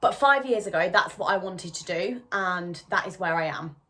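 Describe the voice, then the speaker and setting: A woman's voice: on the low side, animated, normal speed, a bit bright. Chatty woman in her twenties. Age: 20s. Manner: chatty and rambling, many "so"s and restarts. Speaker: lifestyle vlogger. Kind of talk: casual talk to camera. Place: at her home.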